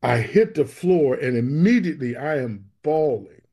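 Husky-voiced man telling his testimony. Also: on the high side, expressive, normal speed, mellow. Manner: vivid storyteller who acts out quoted dialogue; earnest and emotional. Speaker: guest sharing his faith testimony. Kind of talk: personal testimony storytelling.

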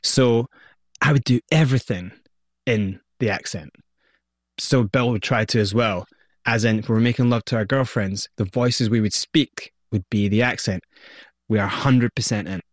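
A man's voice: fairly low pitch, moderate pace, dry recording, clean studio sound. A man with a Scottish accent, a guest in an interview, telling his story with energy and acting out what people said. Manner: energetic, vivid storyteller who acts out quotes.

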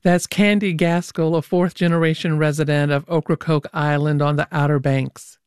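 A woman's voice: deep voice, steady tone, normal speed, darkish tone, clear, resonant tone, no room sound. A woman hosts a public radio interview show in the studio, friendly and teasing with her guests.

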